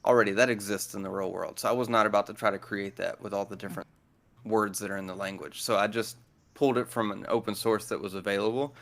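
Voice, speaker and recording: A man's voice: lowish voice, steady tone, quick pace, gravelly, a bit bright. A man speaking as a guest in a casual chat, blunt, direct and dry in manner.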